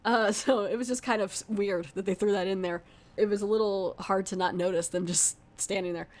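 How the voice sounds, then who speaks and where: Woman podcast host, mid-pitch, chatty and rambly, dry sarcastic asides. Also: fairly even intonation, fairly quick, darkish tone. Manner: rambling, chatty, lots of "like" fillers. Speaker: podcast host reviewing a film. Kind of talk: casual spoiler-heavy movie recap.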